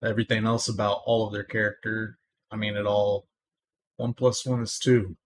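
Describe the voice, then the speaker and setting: A man's voice: lowish voice, flat delivery, normal speed. A man reacting with indignant disbelief in casual commentary. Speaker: streamer.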